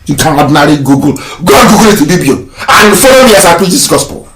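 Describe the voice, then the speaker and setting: A man's voice: fairly high pitch, sing-song, fast talker. Fiery Nigerian man ranting in an echoey room. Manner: fiery, mocking, laughs often, shouts insults. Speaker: broadcaster. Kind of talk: impassioned solo broadcast. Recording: echoey room with faint noise.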